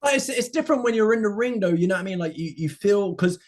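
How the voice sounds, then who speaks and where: A man's voice: high-pitched, fast, crowd noise. A man, a guest wrestler telling stories in casual chat, laughing often. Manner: laughing, animated storyteller.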